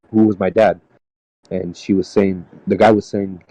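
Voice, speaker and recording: A man telling a personal story in casual podcast talk, halting and rambling with lots of "dude" and "man". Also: sits low, flat delivery, dark tone, no echo, dull audio. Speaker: podcast panelist. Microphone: podcast mic.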